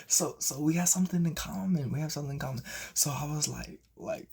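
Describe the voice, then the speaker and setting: A man's voice: fairly high pitch, quick pace, vocal fry, slightly rough. A young man telling a personal story in a casual vlog, acting out the people he quotes with sudden jumps in voice. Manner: animated, acts out quotes with big jumps in voice. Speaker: vlogger.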